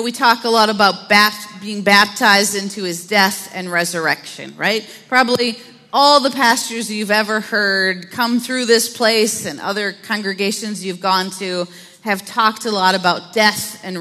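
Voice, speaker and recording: A woman's voice: medium pitch, sharp tone, long reverb tail. A middle-aged woman pastor with an Upper Midwest American accent gives a chatty sermon, with playful asides to the congregation. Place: church sanctuary.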